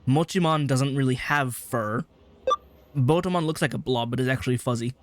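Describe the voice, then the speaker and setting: A man's voice: mid-range voice, normal speed, no echo. A man hosting a let's play, chatting about the game he is playing in a wry, rambling way, with faint game music behind him.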